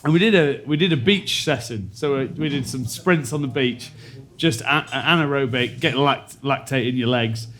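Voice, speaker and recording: A man's voice: medium pitch, normal speed, a bit bright, slight background noise. A man in his forties, a former rugby player on a panel, telling anecdotes in casual chat and laughing often. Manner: storytelling, laughing often, imitating teammates.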